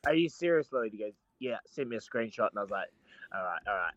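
Phoning in from a resort abroad while on holiday, this sports radio regular banters through a story, frequently breaking into laughter mid-sentence. He talks fast in a lowish, slightly bright voice with lively intonation, and the sound is dry and lo-fi.

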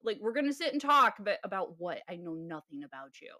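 Podcast cohost lady, chatty and exasperated, mid pitch, dry close mic. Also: fairly quick, no echo. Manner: animated storytelling, laughs and sighs, mimics texts in a raised voice. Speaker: podcast co-host. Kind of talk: casual chat.

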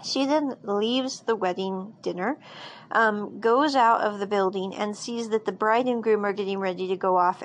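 A woman's voice: medium pitch, slight background noise, low-quality recording. A woman casually recapping a drama episode, rambling with frequent fillers and restarts.

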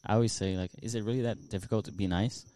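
A man's voice: fairly low pitch, fairly even intonation, fast, warm tone. A young man co-hosting a podcast, speaking in a subdued, sincere way in casual chat. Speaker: podcast co-host.

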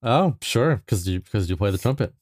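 A man's voice: fairly low pitch, animated, moderate pace, darkish tone, dry recording, clean studio sound. A man co-hosting a podcast, chatting playfully in a casual comedic style with stammered restarts. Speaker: podcast co-host.

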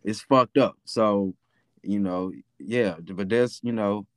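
A man's voice: on the low side, slow pace, dry recording. Laid-back Memphis man telling a story. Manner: laid-back, profane, rambling with fillers. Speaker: podcast host. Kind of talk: casual storytelling.

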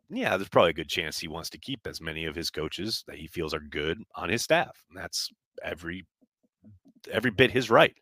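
A man's voice: deep voice, pushed and bright, no echo, studio quality. A man hosting a casual live sports podcast, answering viewer chat in a blunt, loose way and swearing freely. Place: New York.

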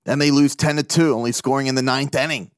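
A man hosting a casual solo sports podcast, rambling and animated, swearing freely and laughing at himself. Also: medium pitch, quick pace, dry recording, clean studio sound. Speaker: podcast host.

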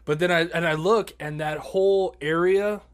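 Animated young man telling a bar story. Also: high-pitched, moderate pace. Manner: animated, swearing, laughing, acts out his own shouts. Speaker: podcast host telling a story. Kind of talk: casual storytelling chat.

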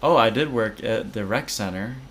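A man's voice: lowish voice, moderate pace, a bit bright, slight background noise. A man co-hosting a podcast in casual chat, laid-back and teasing, laughing often. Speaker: podcast co-host.

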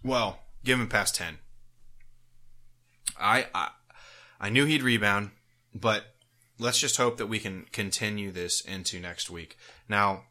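A man co-hosting a casual sports podcast, laid-back and quick to laugh, with blunt swearing. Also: fairly low pitch, pushed and bright. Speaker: podcast co-host. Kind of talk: casual chat.

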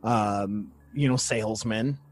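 A man's voice: fairly low pitch, slow. A man co-hosting a casual podcast, joking and reading quotes aloud from sources. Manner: jokey, reads quotes aloud. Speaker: podcast co-host. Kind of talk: casual chat.

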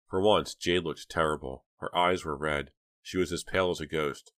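A man narrating an audiobook in an even, measured reading. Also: very deep voice, dry recording, studio quality. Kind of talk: scripted narration.

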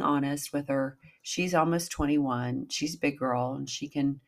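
A woman in her fifties with a notably low-pitched voice hosts a casual self-help podcast. She talks in a candid, chatty way and swears now and then. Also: a little slow. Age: 50s. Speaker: podcast host.

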